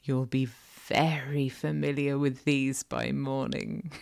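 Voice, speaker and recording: A woman's voice: very deep voice, little pitch movement, slow pace, vocal fry, a little mellow. A woman narrating a second-person erotic audio role-play in a teasing, commanding manner, sometimes dropping to a whisper.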